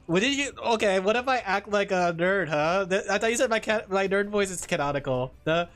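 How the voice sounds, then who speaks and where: A man's voice: high voice, animated, normal speed, fairly bright tone, faint music behind. A man streaming live, chatting casually in a giggly, rambling way.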